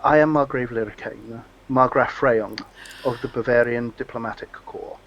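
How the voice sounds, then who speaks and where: A man's voice: medium pitch, steady tone, gravelly, a bit bright. A man playing a stately fae diplomat. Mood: formal. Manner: formal, measured, persuasive. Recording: lo-fi microphone.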